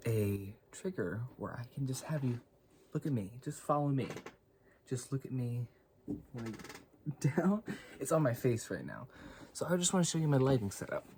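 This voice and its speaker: Whispering softly in a casual ASMR chat, this American man rambles, amuses himself, and laughs often. His voice is medium-pitched, captured by a phone on a gimbal in a hazy, lit home studio, with a little hiss or hum.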